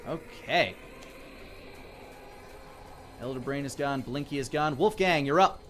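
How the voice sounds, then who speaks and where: A man's voice: mid-range voice, slow pace, a bit bright, slight background noise. A man narrating as game master of a tabletop game, switching between vivid descriptions and casual rules talk.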